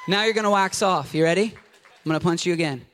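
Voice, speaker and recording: Animated, bright-voiced male preacher. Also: high-pitched, brisk, slight background noise. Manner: animated, jokey, acts out scenes with a volunteer. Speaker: pastor. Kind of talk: lively sermon with audience interaction. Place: church sanctuary before a congregation.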